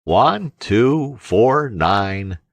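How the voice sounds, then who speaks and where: A man voicing a scarred old navy sailor in an audiobook, gruff, wry and lecturing. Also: fairly low pitch, animated, very slow, voice pushed up, exaggerated voice. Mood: counting.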